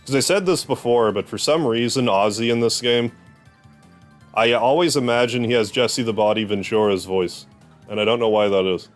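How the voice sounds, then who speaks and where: A man's voice: mid-range voice, moderate pace, faint music behind. A man streaming a video game, joking and rambling through casual commentary. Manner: joking, self-deprecating asides.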